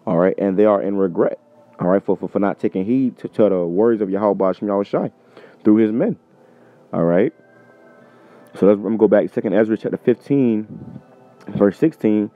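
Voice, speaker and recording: A man delivers an informal, emphatic sermon, swearing freely and punctuating his points with "man". His voice sits fairly low. The sound is thin and phone-like, with faint music underneath. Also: fast, no echo. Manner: profane, emphatic, repeats "man". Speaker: preacher. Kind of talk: informal preaching with scripture reading.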